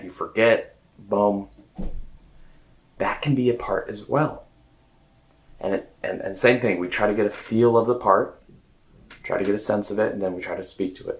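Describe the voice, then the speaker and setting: A man with a very deep voice gives a gentle, casual coaching talk. He speaks hesitantly and often restarts or trails off into fillers. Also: low-quality recording. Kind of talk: casual self-help talk.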